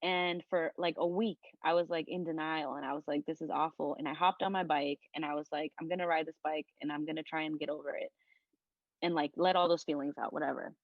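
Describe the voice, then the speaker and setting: Young woman, low voice, earnest, heartfelt, casual podcast chat, dry dull lo-fi sound. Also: fairly even intonation, fairly quick, dry recording. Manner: earnest, heartfelt, leans heavily on "like". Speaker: podcast guest, content creator. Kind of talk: casual conversation. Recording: dull lo-fi recording.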